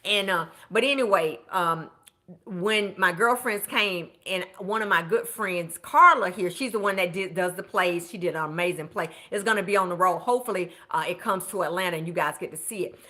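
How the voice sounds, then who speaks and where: Bright animated woman budget coach. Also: on the low side, normal speed. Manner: animated, exclaims and shouts to viewers. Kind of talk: casual live-stream chat.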